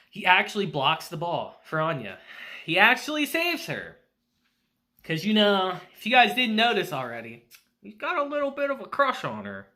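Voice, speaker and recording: A man reviewing an anime episode in casual, excitable chat, laughing often. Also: fairly high pitch.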